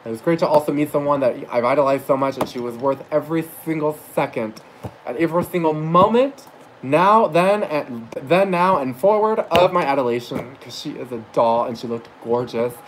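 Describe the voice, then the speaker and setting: A man's voice: a little high, animated, normal speed, a little hiss or hum, low-quality recording. A man telling a story in a casual vlog, gushing and rambling, with restarts and casual swearing. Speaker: vlogger.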